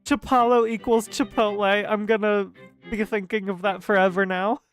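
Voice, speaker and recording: A woman's voice: medium pitch, moderate pace, faint music behind. A young woman giving casual, reactive game commentary, swearing and exclaiming as she plays. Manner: reactive, excitable, swears, laughs. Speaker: let's play streamer.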